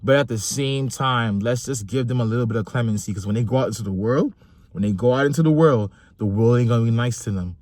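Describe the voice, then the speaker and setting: A man's voice: medium pitch, quick pace, darkish tone, dry recording. A young adult man, delivering a passionate opinion monologue about fatherhood and repeating phrases for emphasis. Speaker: vlogger and father.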